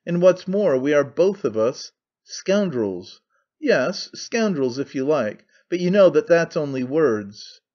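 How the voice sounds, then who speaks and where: A man reading a sly, excitable young schemer. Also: a little high, lo-fi sound, exaggerated voice. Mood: persuasive. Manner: fast-talking, wheedling, sly. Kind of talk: audiobook character reading.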